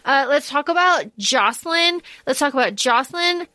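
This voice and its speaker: A woman's voice: sits high, lively intonation, normal speed, sharp tone, no echo. A woman co-hosting a podcast in casual chat, rambling with many restarts and fillers. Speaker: podcast co-host.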